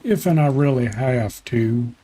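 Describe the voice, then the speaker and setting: A man's voice: mid-range voice, unhurried, warm tone. A man streaming a survival game, chatting casually and thinking aloud while he plays. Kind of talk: casual gameplay commentary.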